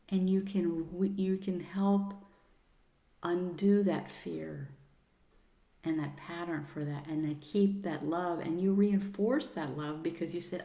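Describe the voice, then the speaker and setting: A middle-aged woman, a guest on a podcast, talking in an earnest, soothing way and using gentle pet names. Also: lowish voice, fairly even intonation, slow pace. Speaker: podcast guest, sound healer. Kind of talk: casual interview chat. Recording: roomy echo.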